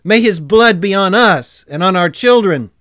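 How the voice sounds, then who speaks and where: A man voicing an angry mob in a dramatized scripture reading, shouting forcefully. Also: sits high, expressive, moderate pace, no echo, studio quality, voice pushed up.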